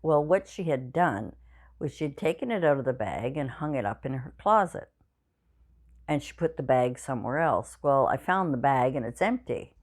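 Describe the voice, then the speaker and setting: A woman in her sixties with a notably low voice, chatting to her viewers from home. She rambles along in a loose, meandering way, full of "you know" and "um," and sounds tired, fighting back yawns. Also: expressive, normal speed. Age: 60s. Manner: rambling, chatty storytelling with many fillers. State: tired and yawning. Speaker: craft channel vlogger. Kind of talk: casual chat to viewers. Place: home craft room.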